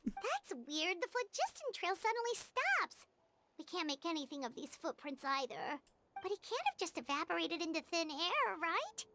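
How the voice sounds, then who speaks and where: A woman voicing a chirpy, curious little female fairy companion in a video game, chatting brightly and calling herself by name. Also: very high-pitched, big pitch swings, normal speed, slight background noise, heavily acted. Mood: puzzled. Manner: bright, chatty, refers to herself in third person. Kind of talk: game voice acting.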